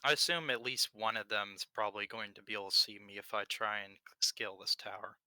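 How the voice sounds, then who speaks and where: A man's voice: fairly low pitch, fairly even intonation, fairly quick, sharp tone, no room sound. A man playing a tabletop game, talking casually and wryly about his character's suspicions. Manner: wry, suspicious. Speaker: player.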